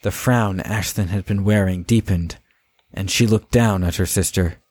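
A man narrating a fantasy audiobook in a measured, even storytelling manner. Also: sits low.

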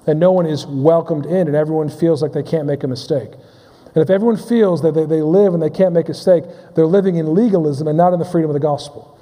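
The speaker is a man delivering a sermon as pastor, his voice mellow and fairly high. Halting and repetitive, he restarts his phrases and questions his listeners, all under the long reverb of a large hall.

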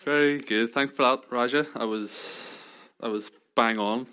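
A man's voice: medium pitch, a little slow, sharp tone, clear, resonant tone. A man with a Northern Irish accent telling chatty, joking anecdotes to a group in a casual, self-deprecating way. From Northern Ireland. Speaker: speaker addressing a group.

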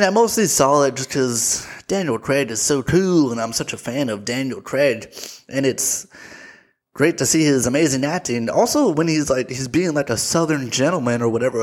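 A man with an American accent hosting a podcast, talking in a casual, rambling monologue full of fillers and offhand swearing. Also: mid-range voice. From United States. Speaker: podcast host.

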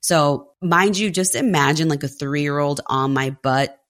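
A woman's voice: sits low, a little slow, a bit bright. A woman in her thirties telling candid stories about family life in a casual conversation, with many fillers. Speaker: podcast guest.

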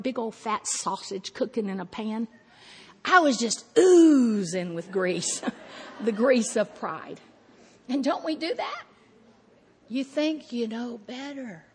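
A woman's voice: on the high side, breathy edge, in a large hall. A woman preaching a sermon, telling stories animatedly and acting out her own thoughts.

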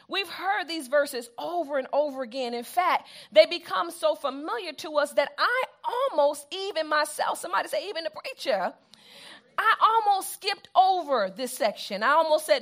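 Woman preacher, high voice, call-and-response sermon style, emphatic repetition. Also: fairly bright tone.

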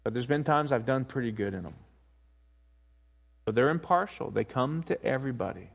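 A man preaching a sermon, swinging between hushed asides and rising, emphatic points, with frequent repetition. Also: mid-range voice, lively intonation, normal speed, vocal fry. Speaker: pastor.

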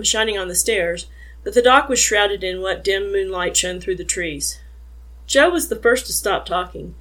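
Narrating an audiobook from a script, this woman keeps a steady, measured storytelling pace at a medium pitch.

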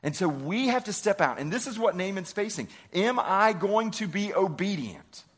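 A man's voice: high voice, very animated, moderate pace, breathy edge. A man preaching a sermon in a conversational way, acting out biblical characters with everyday lines and often repeating words as he restarts. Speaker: pastor.

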